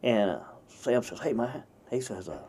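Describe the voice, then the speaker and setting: An older man, telling fishing stories as a guest in a folksy, drawn-out way. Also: medium pitch, animated, dark tone, a little hiss or hum. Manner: folksy, drawn-out storytelling with old-timer phrasing. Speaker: podcast guest. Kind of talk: casual storytelling chat.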